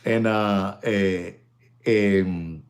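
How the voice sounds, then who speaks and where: A man hosting a live stream, excitable and animated, thanking viewers and mixing in exclamations. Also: fairly low pitch, drawn-out words.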